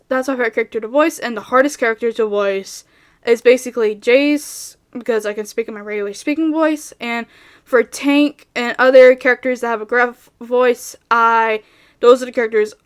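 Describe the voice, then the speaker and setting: A woman's voice: a little high, fairly bright tone, clear, resonant tone. A young woman voice actor answering questions in a casual, rambling vlog, with lots of fillers, recorded on a studio mic at home. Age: young adult. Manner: rambling, filler-heavy, laid-back. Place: home bedroom setup. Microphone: studio mic with pop filter.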